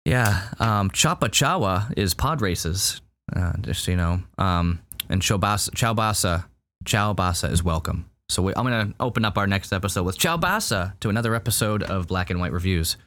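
A man's voice: sits low, lively intonation, normal speed, fairly bright tone. A man co-hosting a podcast, reviewing a show in casual chat, rambling with lots of fillers and restarts. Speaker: podcast co-host.

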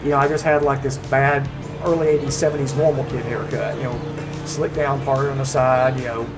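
Fast-talking chatty man. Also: medium pitch, little pitch movement, music in the background. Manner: chatty, laughing, full of fillers. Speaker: guest. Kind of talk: casual storytelling.

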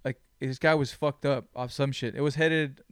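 A man hosting his own podcast, telling stories in a blunt, animated way with plenty of swearing. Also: mid-range voice, moderate pace, smooth, no room sound, clean studio sound. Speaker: podcast host. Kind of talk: casual chat.

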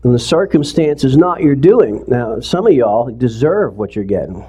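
A pastor speaks to his congregation in a relaxed, mid-pitched man's voice that is neither high nor low. He talks casually, then climbs into impassioned, pleading preaching. The sermon sounds like it was recorded in a church for a streamed service. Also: normal speed, breathy edge. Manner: earnest, conversational preaching that rises to impassioned pleading.

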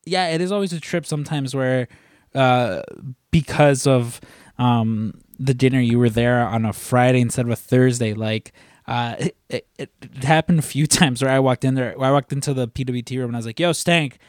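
In casual chat, this podcast co-host talks at normal speed in a steady, mid-range voice. The recording is dry with clean studio sound, and he rambles with plenty of fillers and restarts.

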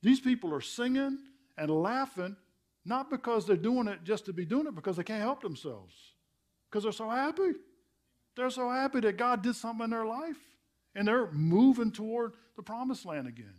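A man's voice: high-pitched, a little mellow. A middle-aged male pastor preaching a sermon in a conversational way, asking the congregation rhetorical questions and repeating words for emphasis.

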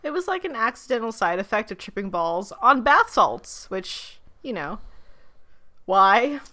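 Bright-voiced woman podcast co-host. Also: on the high side, sing-song. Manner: playful, quick teasing banter with frequent laughs. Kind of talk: casual chat.

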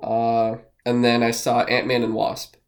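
Rambling, excitable podcast guy. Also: medium pitch, a little slow. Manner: rambling, excitable, swears often. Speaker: podcast co-host. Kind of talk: casual chat.

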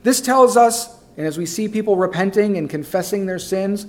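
A man preaching a sermon as pastor, repeating key phrases and swinging between soft low asides and loud rising calls. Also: normal speed.

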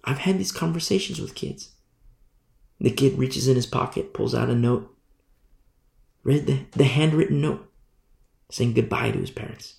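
A man preaching a sermon as pastor, swinging from hushed near-whispers to loud emphatic lines. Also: mid-range voice, moderate pace, vocal fry, long pauses, reverberant. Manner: preaching with sudden drops to a hush and rises to loud emphasis.

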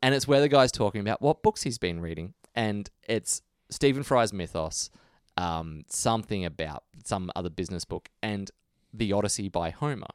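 A man with an Australian accent, co-hosting a podcast and telling a story in casual chat, with lively jumps in pitch. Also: normal speed, hardly any pauses, smooth, no room sound, clean studio sound. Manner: animated, jumps up in pitch for quoted voices. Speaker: podcast co-host.

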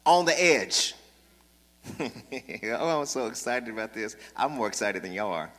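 Man preaching in a church, call and response, sharp voice with long echo. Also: mid-range voice, animated, unhurried, long pauses. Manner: call-and-response preaching, building to loud, passionate delivery. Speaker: pastor. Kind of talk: sermon. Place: church sanctuary.

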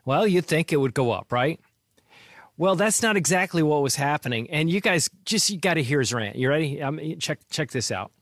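A man's voice: a little high, animated, moderate pace, a bit bright, dry recording, clean studio sound. A man hosting a finance podcast, chatting casually and laughing often as he retells stories. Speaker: podcast host.

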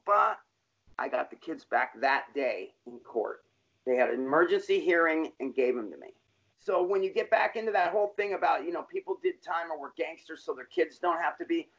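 A man's voice: on the high side, gravelly, bright, forceful tone. A middle-aged man telling his life story in an interview, blunt and profane, in plain street talk. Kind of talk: candid personal storytelling. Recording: dull lo-fi recording.

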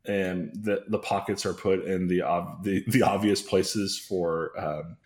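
Low-voiced man recapping with dry jokes. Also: steady tone, unhurried. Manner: rambling, self-correcting recap with dry jokes. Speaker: podcast host. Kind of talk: comedic recap chat.

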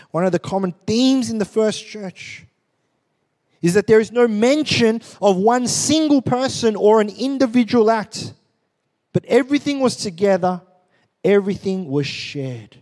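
A man, preaching a sermon as a pastor with an animated, joking storytelling manner. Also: sits high, measured pace, in a large hall.

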